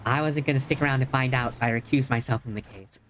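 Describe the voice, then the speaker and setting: A speaker chatting in character as a lawyer in an improvised roleplay, with dry, deadpan teasing. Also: medium pitch, fast talker, slight background noise.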